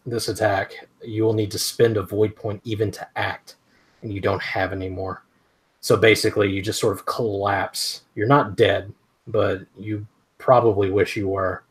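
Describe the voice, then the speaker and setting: A man runs a tabletop game as game master, narrating slowly and deliberately with many small fillers. His voice is low and slightly husky.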